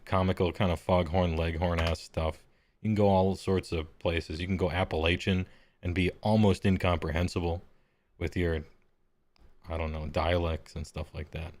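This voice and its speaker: A man's voice: low-pitched, flat delivery, normal speed, darkish tone. A man hosting a live stream as game master, chatting casually in a laid-back, blunt way with some offhand swearing.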